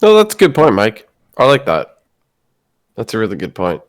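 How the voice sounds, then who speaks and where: A man co-hosting a podcast, chatting in a relaxed, agreeable way. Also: fairly low pitch, moderate pace. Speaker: podcast co-host. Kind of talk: casual chat.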